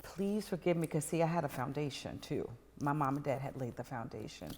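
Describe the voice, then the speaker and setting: A middle-aged woman telling a personal story as a podcast guest, animated and dropping to whispers at tense moments. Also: sits low, fairly quick, long reverb tail.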